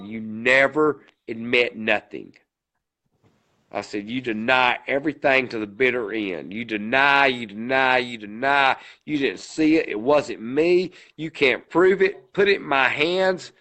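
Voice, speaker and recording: A podcast co-host with a medium-pitched, slightly bright voice tells a long, rambling story, quoting every line with "he said, I said." It's casual storytelling, and the recording is rough.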